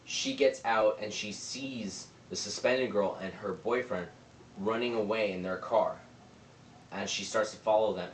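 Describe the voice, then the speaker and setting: A young man who reviews movies recaps a film's plot in a rambling way, retelling scenes and quoting lines. His voice is lowish, and the roomy recording comes from a distant mic with faint ambience and slight background noise.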